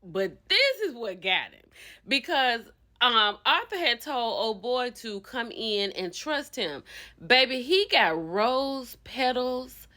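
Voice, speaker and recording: Animated, gossipy woman recapping a show. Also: on the high side, slow pace. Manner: gossipy and expressive, acts out quotes, bursts into laughter. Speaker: host recapping a reality show.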